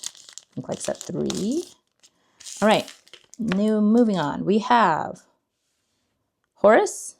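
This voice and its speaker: Young woman, casual vlog host, chatty, self-deprecating, gravelly fry, lower voice. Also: a little mellow. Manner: chatty, self-deprecating, unsure over words. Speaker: card-opening channel host. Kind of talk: casual card-opening vlog.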